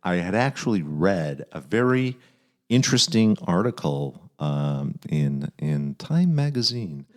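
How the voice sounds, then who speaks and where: A man with a low voice that swings widely in pitch hosts a dad-advice podcast. He talks casually in halting, self-deprecating bursts and slips in dad jokes. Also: very animated. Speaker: podcast host giving fatherly advice. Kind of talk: casual chat.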